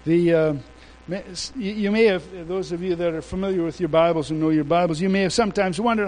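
High-voiced man preaching a casual sermon. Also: darkish tone, rough recording. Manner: informal storytelling with casual slang; halting, with many restarts.

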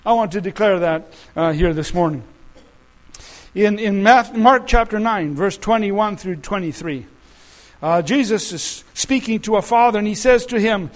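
A man preaching a sermon to a congregation, telling stories dramatically, with loud shouted peaks and quiet asides. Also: normal speed, poor audio. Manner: dramatic storytelling, shouting and dropping to low asides.

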